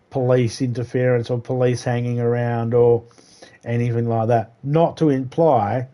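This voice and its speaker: Sweary Australian man with a mellow voice. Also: mid-range voice. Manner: profane, sarcastic, rambling. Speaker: livestreamer. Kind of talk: casual storytelling chat.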